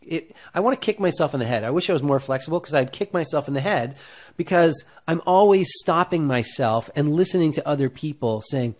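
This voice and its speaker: A man giving acting advice in a loose, rambling talk full of fillers and restarts, getting animated as he goes. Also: on the high side, a little fast. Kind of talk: casual talk to camera.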